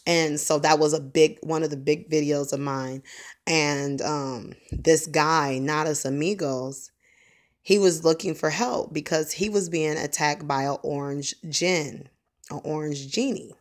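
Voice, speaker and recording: A woman telling a personal story in a halting, rambling way, full of ums. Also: low voice, fairly even intonation. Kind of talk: casual spoken testimony.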